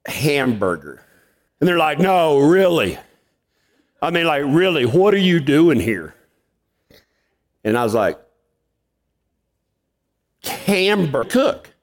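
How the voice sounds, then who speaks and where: A man preaching a sermon, telling a folksy story and acting out the dialogue. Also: fairly high pitch. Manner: folksy, drawling anecdotes with acted-out dialogue. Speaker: pastor.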